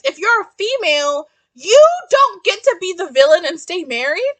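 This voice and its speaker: Young woman, book vlogger, ranting and swearing with a bright, swooping voice. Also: very high voice, moderate pace. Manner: animated, profane, exasperated ranting. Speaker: book reviewer. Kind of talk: ranty casual book review.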